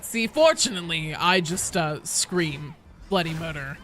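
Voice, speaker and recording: A woman streaming a game, chatting casually with her players, joking, laughing, swearing, and yelling in bursts during fights. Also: low voice, expressive, a little slow, faint music behind. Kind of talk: casual live-stream chat while playing.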